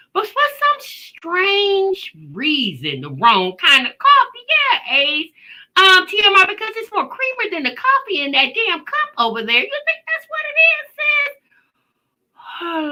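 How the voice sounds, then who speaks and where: Animated, bright-voiced woman hosting a live chat. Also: high-pitched. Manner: greets chat viewers by name, chatty and animated. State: tired after work. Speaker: reaction channel host. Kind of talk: casual livestream chat.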